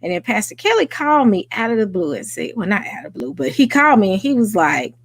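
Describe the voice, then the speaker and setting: A woman with a Southern US accent hosting a casual livestream, excitable and chatty though tired after a workday. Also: mid-range voice, fairly quick, hardly any pauses, husky, no room sound. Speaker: livestream host. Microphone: home microphone.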